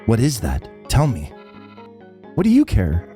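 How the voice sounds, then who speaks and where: A man's voice: on the low side, wildly swooping pitch, measured pace, warm tone, faint music behind. A man voicing a hot-tempered young gunslinger girl who talks in a brash, snappy, cursing way. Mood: mocking.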